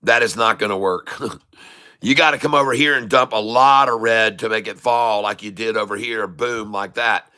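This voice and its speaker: A middle-aged man hosting live day-trading commentary, excitable and folksy, repeating phrases for emphasis. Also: lowish voice, normal speed, smooth. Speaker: day trader host.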